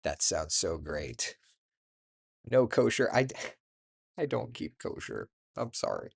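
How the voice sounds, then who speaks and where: A man's voice: deep voice, very animated, slow, creaky, slightly rough. A man hosting a casual morning chat, reading out and reacting to viewer comments by name, with laughs along the way. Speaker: host.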